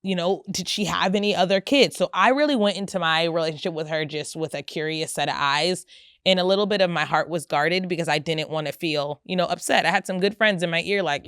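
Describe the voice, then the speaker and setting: A woman in her thirties hosting a podcast on her own, talking in a candid, emphatic and chatty way with a loud voice, close to the mic. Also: lowish voice, quick pace, clean tone, dry recording. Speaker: podcast host. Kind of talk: casual solo podcast talk.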